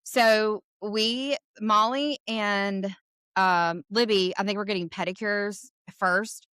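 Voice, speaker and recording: Podcast co-host, woman, young adult, bright and forceful storyteller on a dry close mic. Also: medium pitch, slow, clean tone, dry recording. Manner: animated storyteller, laughs often, acts out quoted voices. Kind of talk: casual storytelling chat.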